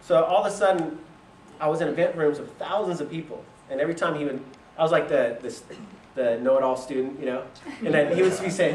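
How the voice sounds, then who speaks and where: A young man tells a casual story, laughs often, and acts out what other people said. His voice sits fairly high. He is recorded from a distance in an echoey room with faint ambience behind him. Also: quick pace, darkish tone, slight background noise. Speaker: speaker telling his business story. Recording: roomy echo from a distant mic.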